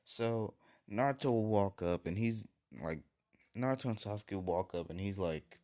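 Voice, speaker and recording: A man's voice: fairly low pitch, normal speed, a little mellow. A young man casually retelling a fan-made story, rambling and crude, full of fillers.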